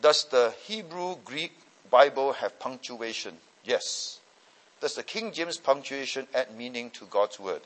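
His mid-range voice has a fairly bright tone and lively intonation, delivered a little slowly. He's a pastor and Bible teacher responding to students in a teaching session, explanatory in manner and often checking that they follow. Long hall reverb is present.

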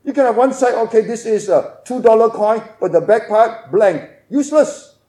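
A man delivers an expository sermon in a high, mellow voice. He is emphatic, swinging from loud stresses to hushed asides. The room adds a noticeable echo. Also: lively intonation, moderate pace. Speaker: preacher.

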